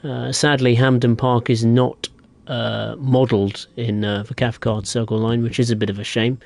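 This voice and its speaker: A man's voice: medium pitch, flat delivery, normal speed, gravelly, a little mellow. Chatty young man streaming a train game. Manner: chatty, rambling, reads out viewer chat. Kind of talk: live gameplay commentary.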